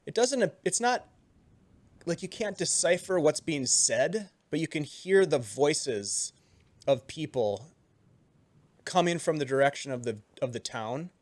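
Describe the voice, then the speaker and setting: A man's voice: fairly high pitch, a little slow, no room sound. Man running a tabletop game, dry sound. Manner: relaxed, loose, lots of ums and restarts, chuckles. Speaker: game master.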